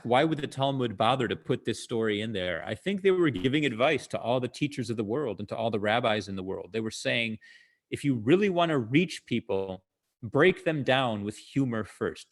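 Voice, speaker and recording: This mid-range male voice belongs to a comedian speaking casually to viewers online through a video call. He talks in a conversational way, walks through his jokes, and uses lots of filler words.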